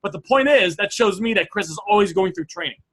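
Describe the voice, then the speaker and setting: A man coaching a training group through a live online session, energetic and reading out sample messages. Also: high voice, fast talker, poor audio.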